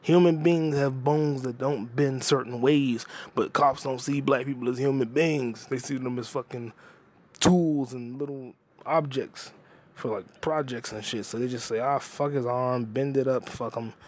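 A man talks into the mic for his comedy podcast, ranting in a loose, profane way. His voice sits in a middle range, and he leaps from one gripe to the next without pausing for breath. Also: mid-range voice. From United States. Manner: profane, ranting, jumps between topics. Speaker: podcast host. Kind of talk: casual comedic monologue.

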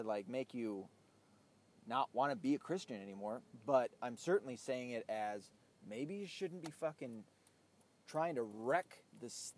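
A man's voice: mid-range voice, a little mellow. A man hosting his own show, ranting bluntly and profanely in casual talk while he drives a car. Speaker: podcast host. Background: faint vehicle noise.

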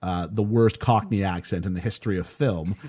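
A North American man hosting a casual film podcast, chatty and quick to laugh. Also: low-pitched, husky. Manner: chatty, animated, laughs often. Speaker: podcast host.

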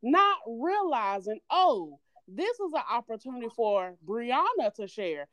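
Bubbly Southern-accented woman, smooth voice. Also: fairly high pitch, sing-song, unhurried, fairly bright tone, dry recording, studio quality. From North Carolina. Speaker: guest. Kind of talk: casual interview.

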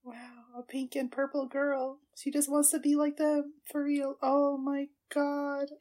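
A woman with a high voice gushes over an episode as she watches it live. Her delivery is slow and unhurried, full of gasps and exclamations, and it drops to hushed asides at tense moments. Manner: gushing, excitable, frequent gasps and exclamations. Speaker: podcast host. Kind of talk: live anime watchalong reactions.

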